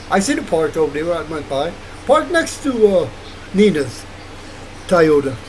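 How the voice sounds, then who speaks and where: Older man, rambling late-night monologue, high animated pitch, faint hum behind. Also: poor audio. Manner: rambling, wandering, laughs often. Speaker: vlogger.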